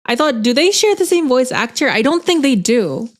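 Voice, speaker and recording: Woman streamer chatting away, kinda high voice, rambles a lot, keeps laughing. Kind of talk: casual chat.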